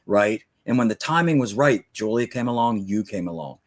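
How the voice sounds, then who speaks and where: A man's voice: on the low side, expressive, normal speed. A man hosting a live stream, speaking heartfelt and often stumbling over his words with repeated restarts. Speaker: host.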